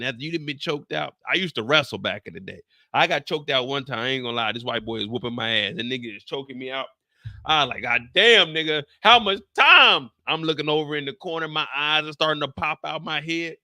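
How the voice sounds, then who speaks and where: A man's voice: mid-range voice, quick pace, pushed and bright, dry recording, studio quality. A man hosting a live TV episode recap, telling the story in a profane, slangy way and acting out scenes with sound effects and his own anecdotes.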